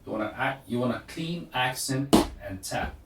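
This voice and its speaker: A man's voice: medium pitch, moderate pace, very noisy. A man teaching a drum lesson, counting beats aloud and explaining in plain words. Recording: echoey room, far from mic, loud drumming. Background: drum pad and metronome clicks.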